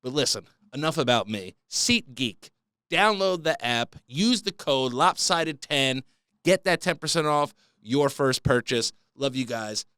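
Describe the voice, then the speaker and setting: A man riffs through his solo comedy podcast in a profane, mock-outraged rant. His pitch leaps around wildly and his tone is bright and edgy. The sound is dry and close to the mic. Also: expressive, a little slow, clear, resonant tone, no echo. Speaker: podcast host.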